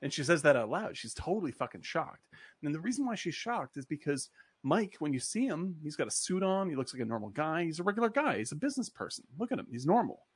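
A man's voice: a little high, big pitch swings, fast, breathy edge, no room sound. A man casually discussing a film, rambling with lots of filler words and swearing freely.

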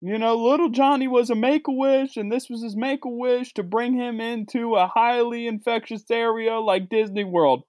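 A man delivering a sarcastic comedic rant, swinging between low mutters and high outbursts. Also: moderate pace, few pauses, a little mellow, no echo, clean studio sound. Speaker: comedic vlogger.

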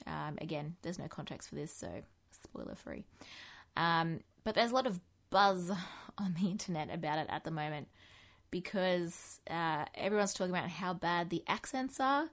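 A woman's voice: lowish voice, animated, moderate pace, a bit bright. A woman co-hosting a podcast in casual chat, chatty and laughing as she talks, with many fillers. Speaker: podcast co-host.

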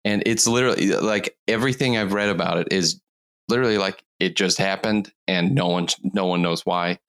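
A podcast host, worn out from too little sleep, recounts a news story in loose, casual chat, wandering off track and giggling a lot. His voice is low-pitched and fairly bright, and he talks fairly quickly.

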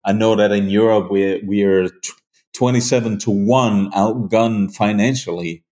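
A man being interviewed about his hunting show, speaking earnestly with frequent pauses and restarts. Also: lowish voice, warm tone. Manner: earnest, halting, many fillers and restarts. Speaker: hunting show creator, guest. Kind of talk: conversational interview.

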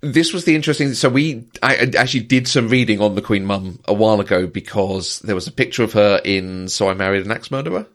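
A man co-hosting a casual movie podcast, talking thoughtfully with frequent restarts and soft chuckles. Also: on the low side, quick pace, few pauses. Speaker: podcast co-host.

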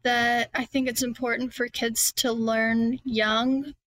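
A woman's voice: fairly high pitch, flat delivery, slow, fairly bright tone, no room sound. A woman talking as a guest author on a podcast, chatty and loose, with frequent fillers and restarts. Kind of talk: casual podcast conversation.

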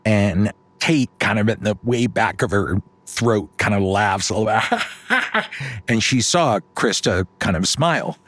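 A man telling an improvised comic bedtime story on a podcast, slipping into quick character voices. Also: fairly low pitch, dry recording. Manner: animated storytelling with sudden put-on voices.

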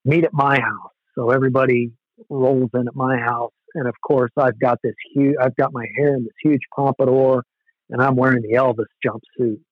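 A man casually telling an animated, loose, swearing story about touring as a musician. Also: medium pitch, moderate pace, no echo. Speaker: musician guest. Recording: dull, lo-fi sound.

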